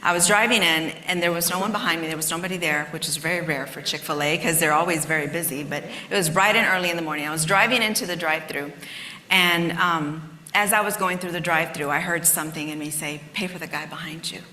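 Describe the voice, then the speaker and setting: A woman in her fifties speaks at a conference, candidly sharing a personal testimony and coming close to tears at times. Her lowish voice is fast, pushed and bright, with a little hiss or hum, and the large conference hall makes the recording echoey.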